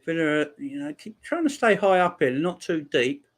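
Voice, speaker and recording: A man's voice: big pitch swings, moderate pace. Chatty man hosting a live football watchalong. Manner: chatty, reads and answers viewer comments; reacts loudly to chances on the pitch. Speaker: watchalong host. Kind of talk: live match watchalong commentary.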